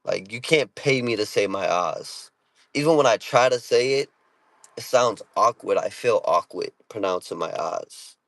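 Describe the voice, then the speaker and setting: An unhurried, fairly bright voice on the low side with lively intonation carries this Boston-accented vlogger, from the Boston area of Massachusetts, recorded with no echo. He talks to camera from a parked car, brash and profane, loaded with street slang and the repeated phrase "you know what I'm saying."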